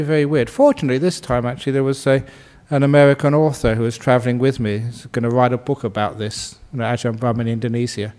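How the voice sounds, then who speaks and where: A man who is a Buddhist monk, giving a gentle, humorous dharma talk, chuckling often and repeating soothing phrases. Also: on the high side.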